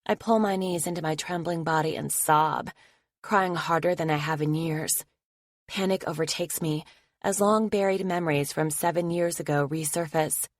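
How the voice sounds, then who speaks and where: A woman's voice: deep voice, steady tone, moderate pace, dry recording, studio quality. A woman narrating a romance audiobook in the first person, with tense, intimate storytelling.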